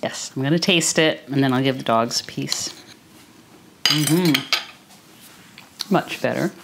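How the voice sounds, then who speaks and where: A woman's voice: a bass voice, slow pace, vocal fry, noisy background. A woman chatting casually in her home kitchen as she tastes her cooking for a vlog. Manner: relaxed and chatty, tasting as she talks. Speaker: cooking vlogger. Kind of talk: casual cooking video chat. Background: clinking cutlery and dishes.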